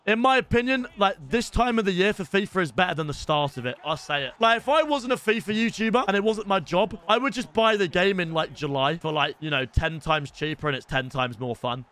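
A young man, commentating casually on his own gameplay during a live stream and calling out to his viewers. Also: high-pitched. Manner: excitable, shouts at goals, addresses viewers as lads. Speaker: gaming streamer.

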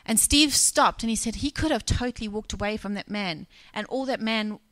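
A woman's voice: on the high side, moderate pace, fairly bright tone, no room sound. A woman preacher telling a story in a conversational sermon, acting out the dialogue of the people in it. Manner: conversational, retells scenes with quoted dialogue. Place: church.

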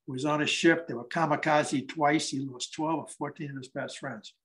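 A man's voice: a little high, fairly even intonation, moderate pace, fairly bright tone, rough recording. A man in his eighties, a guest speaker at a library event, telling stories conversationally and acting out the dialogue. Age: 80s. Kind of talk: storytelling talk.

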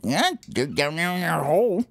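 A man voicing a hungry male squirrel with quick, defensive chatter in a home-made pretend play. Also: a little high, sing-song, gravelly, voice pushed up, exaggerated voice. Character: jumpy male squirrel, hungry, briefly grouchy.

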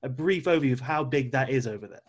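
A man's voice: medium pitch, very fast. A man from the UK hosting a sports podcast, asking questions in a friendly, easygoing way. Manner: friendly questioning, easy laughs. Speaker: podcast host. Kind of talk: casual interview chat.

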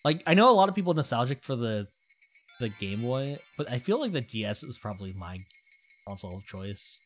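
A young woman streaming a story game, talking in a low, husky voice. Her pitch swings a lot as she chats and rambles through the plot. Faint music plays under her. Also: big pitch swings, fairly quick. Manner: chatty, rambling, reads game text aloud. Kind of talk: casual game commentary.

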